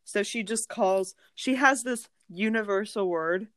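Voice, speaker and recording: A woman co-hosting a podcast who tells family stories in a casual, animated way, full of "like", and often acts out the other people's voices. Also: mid-range voice, a little slow, no echo. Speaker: podcast co-host. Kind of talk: casual storytelling chat.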